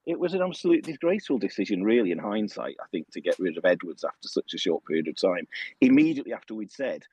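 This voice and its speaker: A man's voice: on the low side, very animated, fast, a little mellow, husky, highs cut off. A man calling in to a football phone-in, making an earnest, indignant case. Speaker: caller. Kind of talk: phone-in call.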